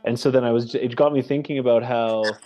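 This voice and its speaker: A man hosting a casual group call, energetic and animated, often checking in with "right?", heard over muffled lo-fi call audio. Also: medium pitch, fairly quick, faint music behind. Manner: energetic and animated, with many restarts and "right?" tags. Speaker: host of the goal call.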